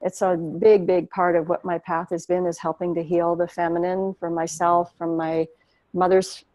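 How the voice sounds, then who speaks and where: A woman's voice: fairly low pitch, flat delivery, normal speed, warm tone, dry recording. A woman speaking earnestly about spiritual healing, in flowing, emotive phrases. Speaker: guest. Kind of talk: heartfelt spiritual conversation.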